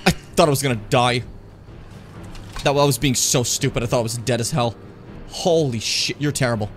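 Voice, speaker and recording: A man casually commenting on his own gameplay as a streamer, swearing freely and jumping from chatter into sudden shouts. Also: medium pitch, normal speed, slight background noise. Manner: animated, swearing, jumps into shouting.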